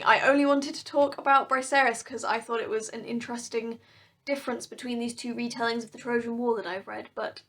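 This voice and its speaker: A woman's voice: on the high side, sharp tone. A young woman talking casually to camera about books she has read, chatty and enthusiastic. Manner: chatty and enthusiastic, laughing often. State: tearful and emotional. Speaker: book vlogger. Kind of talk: casual vlog talk to camera.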